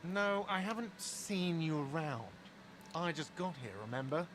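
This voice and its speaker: A man's voice: on the high side, expressive, measured pace, background noise. A man voicing an exasperated male manager in a video game, speaking curtly. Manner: curt, exasperated.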